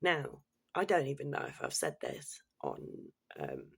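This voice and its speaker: Gravelly, sweary woman ranting. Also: extremely low pitch, wildly swooping pitch, measured pace, a bit bright. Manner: blunt, sweary, exasperated. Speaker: commentator. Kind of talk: casual ranting monologue.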